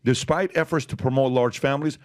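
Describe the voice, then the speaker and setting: A man's voice: mid-range voice, brisk, dry recording, studio quality. A man hosting a talk podcast, reading news items aloud and breaking in with pointed comments. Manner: reads headlines aloud, then breaks in with sharp asides. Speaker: podcast host.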